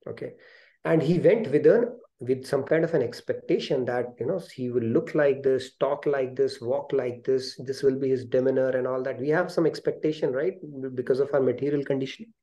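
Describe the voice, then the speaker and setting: A man with an Indian English accent hosting an online spiritual study session on a video call, telling a story lively and acting out the quoted speech. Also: mid-range voice, fairly quick.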